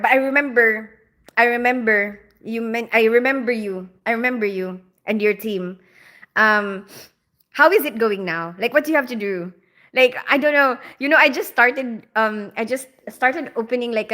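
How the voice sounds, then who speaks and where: A woman's voice: a little high, fairly bright tone. A woman in her forties who grew up in the Philippines, hosting a casual livestream and chatting with viewers, often laughing. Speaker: livestream host. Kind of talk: casual livestream chat reading comments.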